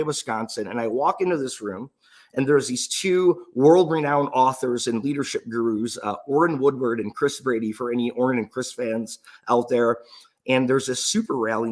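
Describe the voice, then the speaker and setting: A man in his thirties, an entrepreneur, telling his personal story in an earnest, emotional way, often restarting his sentences. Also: mid-range voice. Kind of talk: motivational personal story talk.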